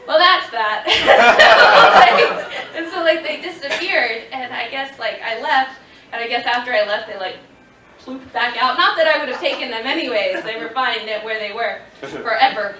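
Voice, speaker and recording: A woman in her thirties telling a lively story to a convention audience, laughing and acting out what people said. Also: on the high side, normal speed, noisy background. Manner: animated, laughing, acting out quotes. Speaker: convention panel guest. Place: convention panel room. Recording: echoey room, voice from far off.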